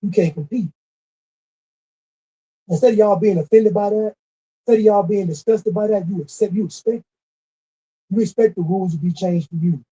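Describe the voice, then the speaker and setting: Man, dark husky voice, scolding repetitive rant, dull lo-fi recording. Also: high voice, moderate pace, long pauses. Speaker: commentator. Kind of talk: ranting monologue.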